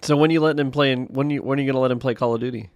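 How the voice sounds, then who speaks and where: A man's voice: medium pitch, fairly even intonation, dry recording. Teasing man host in a dry studio. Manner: teasing, jokey, quick questions. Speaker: podcast host. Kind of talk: casual chat. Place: green screen studio.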